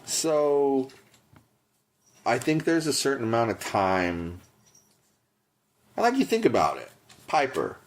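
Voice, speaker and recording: A man's voice: mid-range voice, big pitch swings, slow, long pauses. A man co-hosting a podcast in casual chat, emphatic and teasing. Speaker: podcast co-host.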